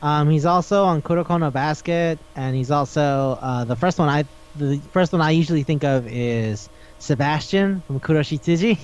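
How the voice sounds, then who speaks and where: A young man co-hosting a casual podcast, swearing a lot and acting out characters in animated voices. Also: on the high side, normal speed, clear, resonant tone. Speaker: podcast co-host. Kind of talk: casual chat about anime. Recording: dull lo-fi podcast recording.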